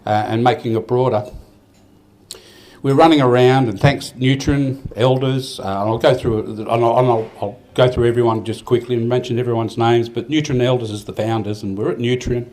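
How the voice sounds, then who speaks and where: A man's voice: mid-range voice, steady tone, normal speed, a little mellow. An older Australian man giving a rambling, heartfelt speech at a farmers' awards night, with many restarts. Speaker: event organiser giving a speech. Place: event hall.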